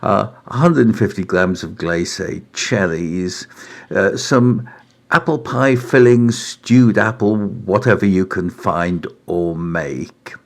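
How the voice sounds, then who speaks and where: A middle-aged man giving a relaxed cooking demonstration in his home kitchen, unhurried and chatty, often saying uh and right. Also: low voice. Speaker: home cook presenting a recipe.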